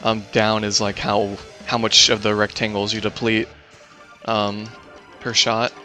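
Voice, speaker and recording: A man's voice: fairly low pitch, completely flat delivery, unhurried, bright, forceful tone, soft background music. A man giving casual live commentary on his own speedrun, explaining game mechanics with many fillers and restarts.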